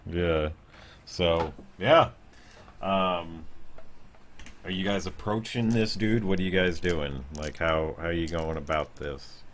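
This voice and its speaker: A man with a very low voice narrating a tabletop game as its game master. He describes the scene haltingly, with many fillers, and corrects himself along the way.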